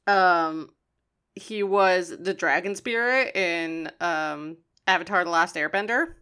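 Woman, podcast co-host, casual chat, lower voice, many ums. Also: takes it slowly, pushed and bright, clear, resonant tone.

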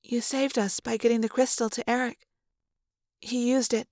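A woman voicing a gentle teenage girl in an audiobook reading, speaking softly and sadly. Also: a little high, flat delivery, moderate pace, no echo, clean studio sound, pitched above the performer's own voice, natural voice.

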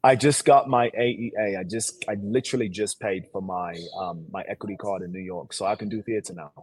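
A man's voice: on the low side, fairly even intonation, a little fast, darkish tone, slightly rough, dry recording. A man from Sierra Leone speaking with a put-on English accent, an actor talking energetically and boastfully as a guest co-host. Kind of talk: casual interview chat.

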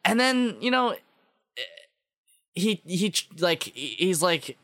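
A man's voice: high-pitched, very animated, drawn-out words, a bit bright, no echo, studio quality. A man chatting casually about a show, rambling with many fillers and restarts, enthusiastic about what he likes. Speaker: podcast co-host discussing an anime. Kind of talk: casual chat.

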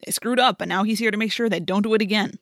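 A woman voicing a wisecracking teenage boy who tries to sound tough and turns shrill. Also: fairly even intonation, fast talker, a bit bright, no room sound, clean studio sound, natural voice. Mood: mock tough.

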